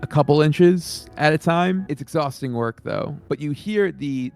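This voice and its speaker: A man's voice: on the high side, unhurried, creaky, clean tone, soft background music. A man narrating a tabletop game as game master in a loose, casual way.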